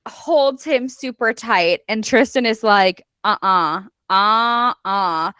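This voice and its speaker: A woman's voice: fairly high pitch, slow pace, a bit bright, dry recording. A woman hosting a book club podcast, chatting casually with many fillers as she recaps a story and acts out character lines.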